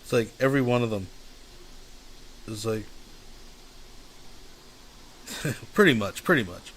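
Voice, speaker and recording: A man in his casual stream voice, middle pitch, dry and offhand, sounding faintly amused by what he watches. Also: expressive, takes it slowly, fairly bright tone, slight background noise. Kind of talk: casual commentary.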